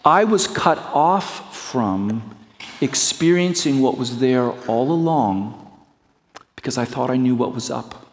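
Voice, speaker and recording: A middle-aged man preaching a sermon as a pastor, moving from slow reflective passages to quick storytelling. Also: mid-range voice, expressive, long reverb tail, a little hiss or hum.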